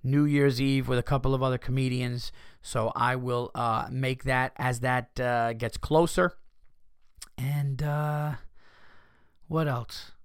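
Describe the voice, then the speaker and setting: Comedian host, male, swearing storyteller, dry close mic, mid-pitched voice. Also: takes it slowly, clean tone, no echo. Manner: profane, animated, acts out his own outbursts. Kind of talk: casual storytelling monologue.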